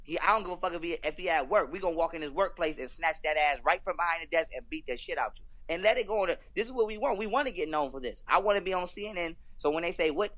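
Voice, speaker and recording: Young man, podcast guest, rapid-fire profane ranting, slightly high voice. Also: expressive, fairly bright tone. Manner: profane, emphatic, preachy ranting. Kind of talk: heated casual conversation.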